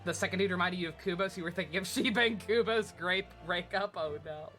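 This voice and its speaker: A woman's voice: on the low side, fairly quick, few pauses, a bit bright, faint music behind. A woman hosting a game let's play, joking, swearing and laughing at what happens on screen. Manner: profane, joking, laughing asides. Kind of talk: gaming commentary.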